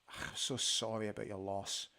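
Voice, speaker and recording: A Scottish man hosting a live football watch-along from a studio, reacting excitedly to the play and chatting about viewers' comments. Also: on the low side, slow pace.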